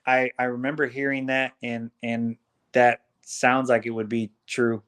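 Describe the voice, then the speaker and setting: Laid-back halting man on a video call. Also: mid-range voice, smooth. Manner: relaxed, halting, many restarts. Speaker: guest fighter. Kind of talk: casual video-call interview.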